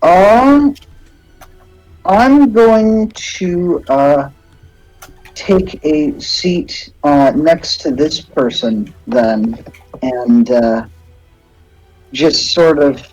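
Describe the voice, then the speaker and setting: A man's voice: fairly high pitch, extremely slow, long pauses, a little mellow, faint music behind, rough recording. A man playing a tabletop game, hesitant with many fillers. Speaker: player. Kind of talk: tabletop play.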